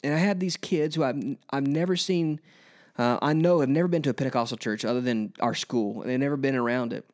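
A man who preaches at a school chapel, telling an interviewer about his sermon series in an earnest way that turns emotional and animated. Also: medium pitch, quick pace. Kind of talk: casual interview storytelling.

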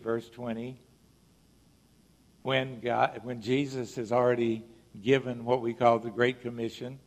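Gravelly-voiced man preaching in a hall. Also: mid-range voice. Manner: emphatic preaching with dramatic pauses. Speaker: pastor. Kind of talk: sermon.

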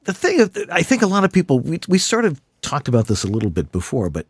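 A man's voice: a little high, quick pace, slightly rough, no room sound, clean studio sound. A man hosting a casual interview, rambling and playful as he asks questions. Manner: rambling, animated, playful asides. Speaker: podcast host.

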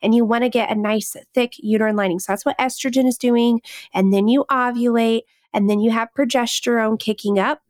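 A woman's voice: a little high, fairly even intonation, fairly quick, darkish tone, no echo, clean studio sound. A woman hosting a faith-based fertility podcast, talking with passion and frequent laughter. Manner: passionate, fervent, laughs often. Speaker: podcast host.

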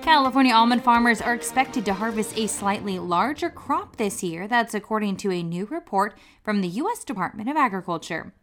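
A woman hosting a farm news radio show, reading scripted news in a brisk, upbeat announcer style. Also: mid-range voice, expressive, a bit bright, faint music behind.

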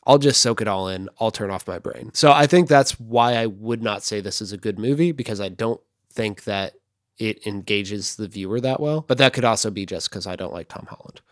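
A man's voice: on the low side, dry recording, clean studio sound. A man co-hosting a podcast, chatting casually and with strong opinions while he reviews a movie. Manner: opinionated, conversational, quick asides. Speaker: podcast co-host.

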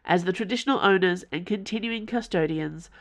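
A woman's voice: medium pitch, brisk. A woman author from Tasmania, reading her fiction aloud as podcast narrator. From Tasmania, Australia.

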